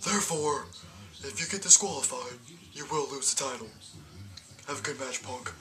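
A man's voice: mid-range voice, normal speed, voice pushed up, natural voice. Man doing an oily, smug wrestling boss. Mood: falsely friendly.

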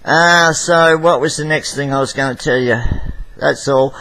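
A man's voice: fairly high pitch, moderate pace, pushed and bright, rough recording. An Australian man telling a rambling vlog story, blunt and profane, with stammered restarts. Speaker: vlogger.

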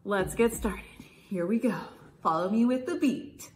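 A woman's voice: medium pitch, a little slow, background noise. A woman hosting a children's library storytime, talking in a cheerful, sing-song way to kids from a library. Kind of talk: virtual storytime reading.

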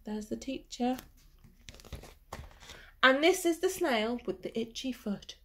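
Woman, storybook reading, high voice, slow and unhurried, sing-song, asks the children questions, slips into whispers. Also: expressive, a little hiss or hum.

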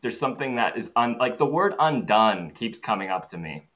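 A man as an interview guest, talking in a fast, rambling, self-aware way. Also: mid-range voice, expressive, fairly bright tone. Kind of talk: casual conversation.

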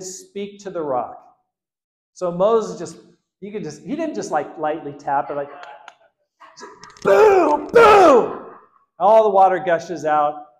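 A man preaching a sermon as pastor, animated, swinging between loud outbursts and quiet asides and acting out the quotes. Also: on the high side, roomy sound. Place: church hall.

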